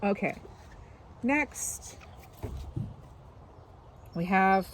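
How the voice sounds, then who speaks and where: A woman giving a casual tarot reading, musing aloud in a relaxed way and often pausing on fillers as she takes in impressions. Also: medium pitch, slight background noise. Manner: musing, intuitive, many fillers and asides. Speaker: tarot reader. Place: outdoors.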